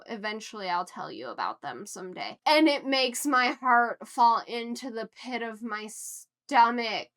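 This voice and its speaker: A woman's voice: fairly high pitch, fairly bright tone, clear, resonant tone. A woman vlogger reviewing a book she loves, talking straight to her viewers in a gushing, emotional way. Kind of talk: casual book review vlog.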